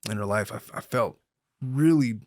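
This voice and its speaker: Speaking at normal speed in a medium pitch, this middle-aged podcast host and lawyer keeps things casual, joking his way through lively anecdotes about his family and his work in law. A little hiss or hum sits under the recording.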